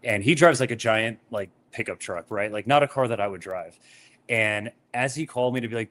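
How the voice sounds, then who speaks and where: A man's voice: on the low side, a little fast, fairly bright tone. A man appearing as a musician guest on a video call, chatting casually, laughing often and telling heartfelt stories.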